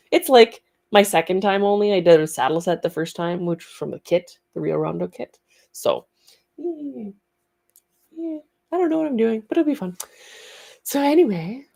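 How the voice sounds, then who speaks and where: A woman's voice: on the low side, gravelly, a little mellow. A woman hosting a casual studio livestream, chatty and rambling, laughing easily.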